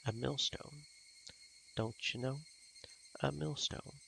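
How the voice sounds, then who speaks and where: A man voicing a stubborn, fussy old village grandmother, with a slow, scolding and blunt way of talking. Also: medium pitch, fairly even intonation, vocal fry, fairly bright tone, a little hiss or hum. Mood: wry.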